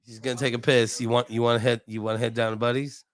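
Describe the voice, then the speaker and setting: A man hosting a casual chat, laid-back and halting, with lots of fillers. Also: mid-range voice, little pitch movement, dry recording, studio quality.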